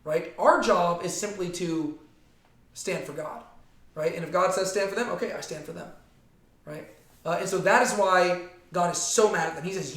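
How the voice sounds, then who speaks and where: A man's voice: high voice, moderate pace, fairly bright tone. A man teaching a casual Bible study to a small group, talking conversationally and often checking in with "right?". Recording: echoey room.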